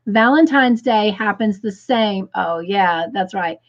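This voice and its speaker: A woman hosting a crochet live stream, reading viewer comments aloud and gushing with excitement. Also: mid-range voice, slow pace, highs cut off.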